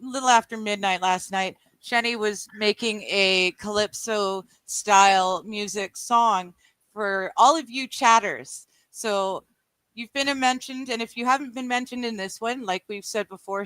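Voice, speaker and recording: A woman's voice: medium pitch, steady tone, measured pace, fairly bright tone, no room sound. A woman co-hosting a casual livestream chat, agreeable but slipping in sarcastic asides. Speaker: livestream co-host.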